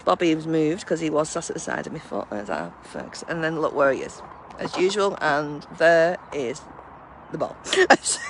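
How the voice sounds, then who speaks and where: A woman's voice: deep voice, big pitch swings, fairly quick, vocal fry, fairly bright tone, slight background noise. A woman, a mindfulness class instructor, chatting casually on a live stream from home on a handheld phone and cooing in baby talk at her dogs.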